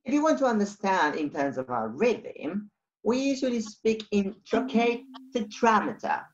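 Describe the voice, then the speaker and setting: A woman's voice: medium pitch, sing-song, moderate pace, natural voice. Woman playing a matter-of-fact witch. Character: eerie witch, one of the weird sisters. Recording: dull lo-fi sound with faint music.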